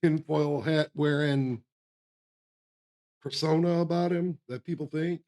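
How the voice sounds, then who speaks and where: A man's voice: a little high, steady tone, slow, darkish tone. A man co-hosting a casual podcast chat, talking in a blunt, folksy, emphatic way. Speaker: podcast co-host.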